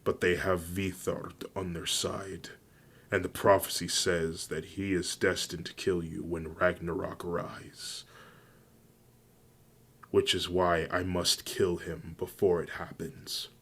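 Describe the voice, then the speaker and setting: A man's voice: low voice, level tone, slow pace, a bit bright, slightly rough, exaggerated voice. A man reading a determined young she-wolf. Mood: earnest. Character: young female shadow wolf, determined and protective.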